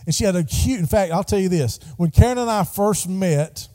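A middle-aged pastor delivers a sermon, his voice set high and mellow. He calls out prompts for the congregation to echo back, and the church sanctuary gives a long reverb tail. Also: fairly quick. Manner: call-and-response preaching, prompting the congregation.

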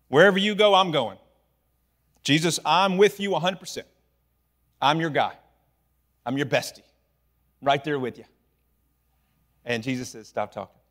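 A male preacher with a drawl, his voice sitting a touch higher than most men's. He delivers a sermon in a church as animated, conversational storytelling, often dropping to near quiet for effect. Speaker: pastor.

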